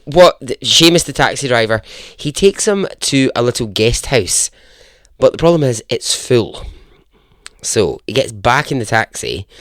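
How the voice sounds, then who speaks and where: A podcast host tells a true story in a chatty, self-deprecating way, chuckling at his own jokes. His voice is medium-pitched, and the recording is dry with clean studio sound. It's casual storytelling narration.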